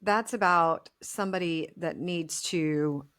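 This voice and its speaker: Woman podcast co-host, slow, low voice, supportive reactions. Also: fairly bright tone. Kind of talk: casual chat.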